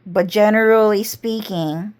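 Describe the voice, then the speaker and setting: A woman's voice: mid-range voice, steady tone, darkish tone, smooth. A woman telling a rambling story to her camera, cursing constantly. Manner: rambling, heavy cursing, slow drawl. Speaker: vlogger. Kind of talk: casual storytelling monologue.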